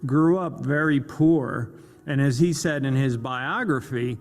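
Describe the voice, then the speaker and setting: A man giving a motivational talk about confident communication, speaking deliberately and acting out example voices. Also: medium pitch, big-room sound.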